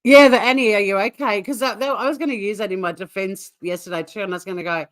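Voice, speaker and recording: A middle-aged woman with an Australian accent hosting a casual livestream, blunt and quick to swear, often breaking into laughter as she chats. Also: mid-range voice. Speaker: livestream host. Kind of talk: casual livestream chat reacting to a clip.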